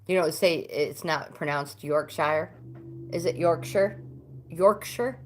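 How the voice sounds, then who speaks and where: A woman's voice: moderate pace, slight background noise. A middle-aged American woman hosting a casual livestream, chatting with viewers and answering their comments. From United States. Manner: chatty, talks back to comments, pitch swings up when animated. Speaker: livestream host.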